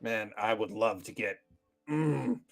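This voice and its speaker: A man's voice: fairly low pitch, slow, gravelly. A man voicing a weathered farmer who talks in a subdued drawl. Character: weathered farmer, man, eager fighter held back.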